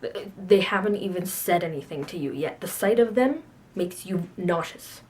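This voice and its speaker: A woman's voice: lowish voice, animated, moderate pace, darkish tone, a little hiss or hum. Sassy teenage girl ranting to camera. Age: teens. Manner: sassy, self-mocking, rambling with laughs. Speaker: video blogger. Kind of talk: casual chat to camera.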